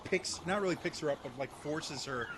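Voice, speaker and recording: A man's voice: fairly high pitch, a little fast, noisy background. Laid-back man narrating a tabletop game. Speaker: game master.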